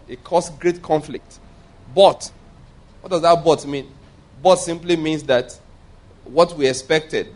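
Pastor guy preaching, kinda high voice, keeps repeating himself and asking "what did i say?". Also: darkish tone. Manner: emphatic, repeats points and asks the audience rhetorical questions. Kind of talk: sermon.

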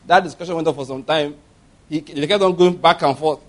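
High-voiced animated male preacher. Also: quick pace. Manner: animated storytelling with acted laughter and voices; emphatic, addresses congregation directly. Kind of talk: sermon.

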